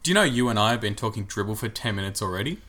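A man working as the podcast's sound engineer, firing off dry quick comebacks. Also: on the low side, expressive, pushed and bright. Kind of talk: comedy podcast banter.

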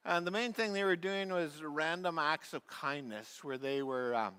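A man preaching a sermon as pastor, telling a story with many fillers and restarts, and dropping to a soft, quiet voice at key points. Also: fairly high pitch, normal speed, clear, resonant tone. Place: church sanctuary. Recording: long reverb of a church hall.

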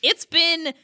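A woman's voice: very high-pitched, pushed and bright. A woman co-hosting a podcast in casual chat, talking in a chatty way and laughing often. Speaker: podcast co-host.

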